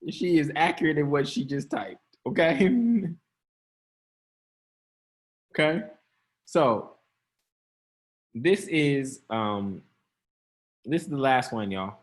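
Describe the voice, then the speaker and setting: A man's voice: on the high side, animated, slow, pauses often. A man preaching a sermon to an online congregation, talking in a conversational way, laughing often and calling out to his listeners. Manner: conversational, laughing, calls out to the audience.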